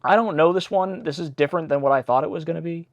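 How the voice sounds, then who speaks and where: Man, host of a casual read-along, slightly high voice, self-deprecating chatter, muffled dry home recording. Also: fast, no room sound. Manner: chatty, self-deprecating asides between readings. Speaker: host reading nursery rhymes aloud.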